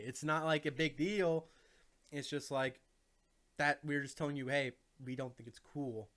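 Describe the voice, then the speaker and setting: Bright-voiced man venting on stream. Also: a little high. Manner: frustrated, mocking, halting with fillers. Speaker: streamer co-host. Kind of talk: casual stream chat.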